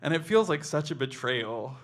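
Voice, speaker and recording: A man's voice: mid-range voice, animated, moderate pace. A man telling a personal memoir story in a casual, conversational way, full of "like" and restarts.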